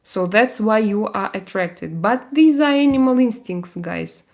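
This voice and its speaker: Answering comments on her relaxed live stream, a woman with a Russian accent speaks in fits and starts, full of fillers and laughs. Her mid-range voice is animated and has a darkish tone.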